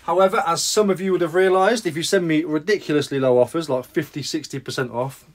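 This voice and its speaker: A man talks through his sales in a casual, rambling vlog voice. He pitches a bit higher than most men. He throws in self-deprecating asides as he goes. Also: fast talker, a little hiss or hum. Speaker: reseller vlogger.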